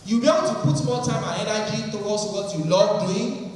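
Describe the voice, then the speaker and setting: A man giving a motivational lecture to university students, animated and acting out the students' voices. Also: sits high, a little fast. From Nigeria. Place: large hall. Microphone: far from the microphone. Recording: echoey hall from far off.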